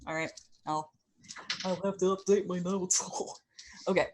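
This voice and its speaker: A woman narrating a tabletop game as game master, relaxed and full of small ums. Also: on the low side, a little slow, a little hiss or hum.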